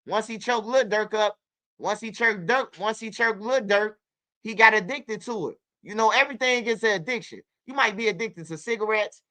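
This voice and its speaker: A woman's voice: mid-range voice, normal speed. A woman hosting her channel, telling stories in casual, profane, repetitive livestream commentary. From Chicago. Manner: profane, repetitive, animated storytelling. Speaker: channel host.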